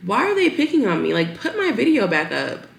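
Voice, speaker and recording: A woman's voice: mid-range voice, wildly swooping pitch, a little fast, gravelly. A young woman vlogger chatting casually to camera from her bedroom, exasperated and ranting to her viewers. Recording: roomy echo.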